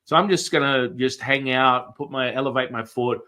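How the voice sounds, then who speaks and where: A man's voice: medium pitch, steady tone, moderate pace, bright, forceful tone, close to an everyday voice. A man quoting an injured woman friend, sounding blunt and exasperated.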